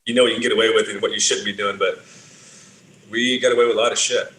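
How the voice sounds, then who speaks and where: A man's voice: lowish voice, fairly even intonation, quick pace, sharp tone. Man, forties, casual storyteller, loose and profane, roomy recording. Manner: laid-back, swears a lot, many fillers. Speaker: podcast guest. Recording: roomy with faint ambient noise.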